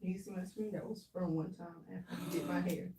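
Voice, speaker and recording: A woman getting her hair done who makes relaxed, quiet remarks. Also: on the low side, brisk. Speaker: salon client. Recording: distant echoey room with faint noise.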